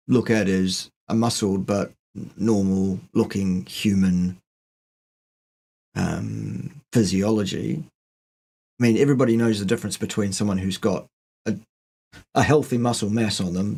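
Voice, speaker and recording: Husky, low-voiced man, blunt and joking. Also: mellow. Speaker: co-host answering viewer questions. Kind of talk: casual live Q&A chat.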